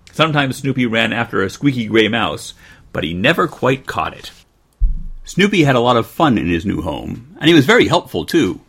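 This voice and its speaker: A man hosting a podcast, reading a children's storybook aloud in an expressive way with dry humor. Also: medium pitch, creaky, husky. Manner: expressive, dryly joking. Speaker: podcast host.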